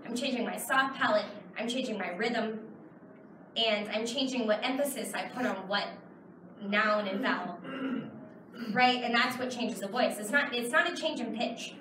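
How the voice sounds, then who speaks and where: A Texan woman in her thirties, with a fairly high voice at a moderate pace, responds to audience questions during a convention panel. Her answers are chatty, rambling and full of fillers. Heard through a far-off camera in the audience, the large hall sounds roomy and noisy.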